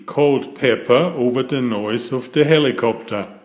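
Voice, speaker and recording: A man reading a children's picture book aloud, with a slow, expressive delivery. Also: medium pitch. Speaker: storybook reader. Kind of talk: children's story read aloud.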